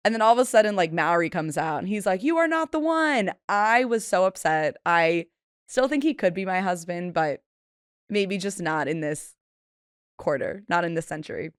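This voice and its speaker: Woman in her twenties, low-pitched, chatty, self-deprecating podcast host, dry close sound. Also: normal speed, smooth, dry recording. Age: 20s. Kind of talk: casual solo podcast storytelling.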